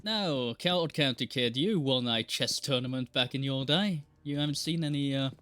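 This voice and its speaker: Streaming a game live, a man chats casually, rambling and joking with frequent laughs and the odd swear. His voice is medium-pitched and a bit bright, at a moderate pace.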